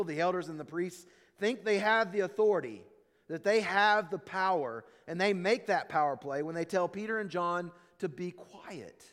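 A man preaching a sermon, telling stories and acting out quotes, then dropping low and quiet to drive a point home. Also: big-room sound. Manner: storytelling preacher, acts out quotes, drops low for emphasis. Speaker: pastor.

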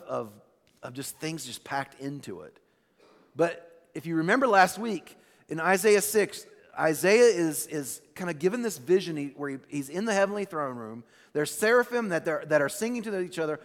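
A man's voice: sits high, fairly bright tone. Man preaching in a reverberant church. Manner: casual, conversational preaching with restarts and "like". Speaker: pastor. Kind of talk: sermon. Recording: long reverb in a church hall.

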